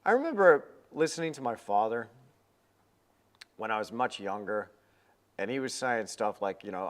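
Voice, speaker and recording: A man's voice: on the low side, expressive, normal speed. A young man giving a live painting lesson, chatty and rambling with a self-deprecating manner. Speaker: painting instructor.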